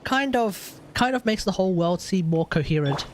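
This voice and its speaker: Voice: medium pitch, animated, moderate pace, slight background noise. An Australian streamer casually joking with chat while playing through a game story. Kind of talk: live game commentary.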